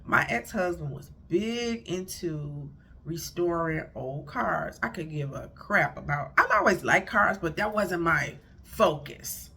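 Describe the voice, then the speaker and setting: A middle-aged woman talks straight into her phone, handing out blunt relationship advice in a chatty, rambling way and correcting herself as she goes. Her voice is low and gravelly. A faint hiss sits under the recording. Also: animated, slow, bright, forceful tone. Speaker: marriage counselor and life coach vlogger. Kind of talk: casual advice monologue to camera.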